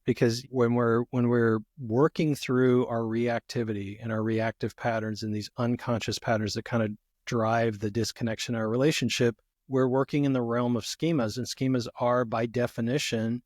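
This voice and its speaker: A man speaking as a therapist guest in a casual podcast conversation, animated and acting out the arguments he quotes. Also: medium pitch, moderate pace, dry recording, studio quality.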